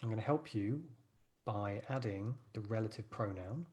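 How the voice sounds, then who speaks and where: A man's voice: fairly low pitch, normal speed, darkish tone. A man teaching a live writing class, encouraging his students and thinking aloud as he types.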